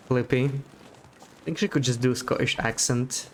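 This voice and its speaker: A man giving live gameplay commentary on a stream. He talks to his viewers as he plays, thinking aloud with small restarts and frequent laughs, at an ordinary pitch for a man. A faint steady hum sits behind his voice. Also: moderate pace.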